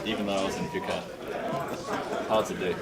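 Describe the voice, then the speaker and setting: A man's voice: deep voice, little pitch movement, a little fast. A laid-back man from Portsmouth, a poker player, telling jokey stories in casual chat. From Portsmouth, England. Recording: distant from mic, loud crowd.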